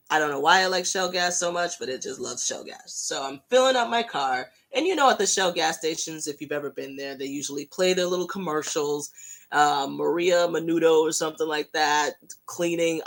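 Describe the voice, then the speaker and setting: A fan hosting a casual livestream, telling a rambling, self-mocking story in an animated way. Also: medium pitch.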